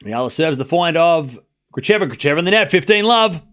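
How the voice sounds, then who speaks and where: Young male streamer, high voice, quick excitable tennis call to chat, drops to a mutter then shouts. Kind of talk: live play-by-play commentary to chat.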